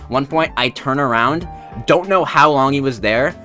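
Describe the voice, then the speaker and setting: A man's voice: medium pitch, normal speed, pushed and bright, faint music behind. A man chatting casually as a streamer in his room, laughing often and swearing freely while telling a story.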